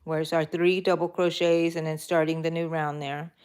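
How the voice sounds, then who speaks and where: A woman's voice: low-pitched, flat delivery, moderate pace, a little mellow, clean tone. A middle-aged woman, chatting casually with live viewers while she crochets. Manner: chatty, laughing, talks to viewers. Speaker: crochet vlogger.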